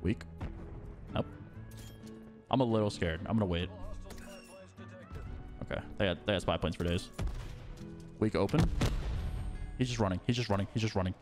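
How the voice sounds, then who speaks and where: A young man commenting on his own first-person shooter game play, excitable, mumbling when tense and yelling when things go wrong. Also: on the low side, moderate pace, long pauses. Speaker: gaming YouTuber. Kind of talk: live gameplay commentary. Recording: game gunfire and music underneath. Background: game gunfire and music.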